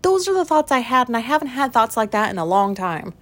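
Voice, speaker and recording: A woman hosting a solo podcast, talking frankly and questioning herself, swearing freely and filling pauses with likes and ums. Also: fairly high pitch, very animated, fairly bright tone. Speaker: podcast host. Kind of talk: candid solo podcast monologue.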